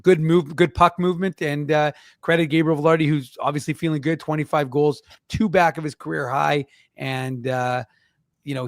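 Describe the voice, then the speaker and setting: A man's voice: on the high side, dry recording, studio quality. A man co-hosting a casual hockey post-game show, bluntly critiquing defensive play and laughing easily.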